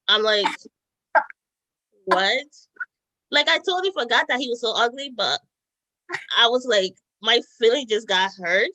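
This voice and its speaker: Young woman, guest on a chat, bright forceful tone, dry close sound, lively storytelling with frequent laughs. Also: fairly high pitch, moderate pace, dry recording, poor audio. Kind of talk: casual chat.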